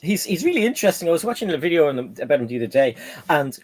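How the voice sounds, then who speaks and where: A man's voice: on the high side, sing-song, very fast, darkish tone. A man with an Irish accent hosting a casual live stream chat. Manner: chatty, playful with a child.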